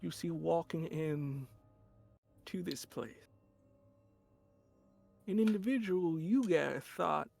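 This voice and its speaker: A man's voice: a little high, takes it slowly, gravelly, pauses often, darkish tone, faint music behind. Man narrating as game master. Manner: loose, descriptive scene-setting with casual fillers.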